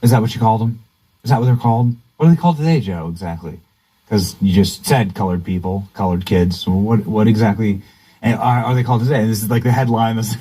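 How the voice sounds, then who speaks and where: A man's voice: fairly low pitch, brisk, mellow, breathy edge, rough recording. A man hosting political commentary, sarcastic and mocking. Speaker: commentary host.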